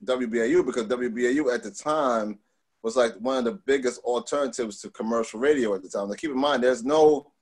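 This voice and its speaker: A middle-aged man from Long Island, telling stories in a casual interview, animated, with many fillers and restarts. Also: mid-range voice, brisk, slightly rough. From Long Island, New York. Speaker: guest.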